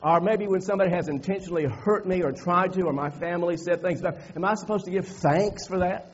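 A man's voice: high voice, fast talker, dull audio, slight background noise. A man pastor giving a sermon in a church, folksy, repeating phrases and building to emphatic preaching. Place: church sanctuary.

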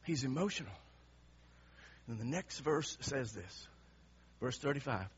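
A man's voice: medium pitch, lively intonation, unhurried, pauses often, highs cut off, a little hiss or hum. A male pastor preaching an impassioned sermon, emphatic and repeating words for effect.

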